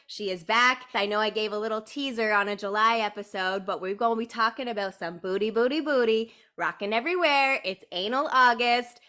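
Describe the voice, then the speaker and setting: A woman's voice: medium pitch, bright, forceful tone. A woman hosting a podcast in casual chat, bubbly and effusive, laughing often. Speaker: podcast host.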